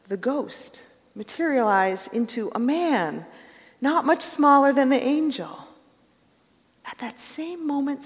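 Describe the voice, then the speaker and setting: A woman preaching a sermon, telling a parable earnestly in a measured storytelling manner. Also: fairly high pitch. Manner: earnest storytelling, softening to hushed prayer. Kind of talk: sermon with read-aloud story. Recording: long hall reverb.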